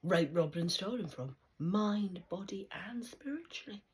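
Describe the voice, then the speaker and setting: A woman's voice: mid-range voice, expressive, measured pace, a little mellow, husky. A woman, talking straight to camera in an erratic, rambling monologue that jumps from one idea to the next. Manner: erratic, rambling, jumping between ideas.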